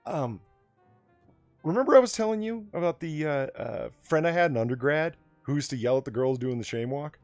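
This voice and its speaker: Male stream host, lively swinging pitch, laughs a lot, dry close mic, faint music behind. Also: a little fast, dry recording. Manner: laughs often, loose and rambling. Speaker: livestream host. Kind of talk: late-night casual chat.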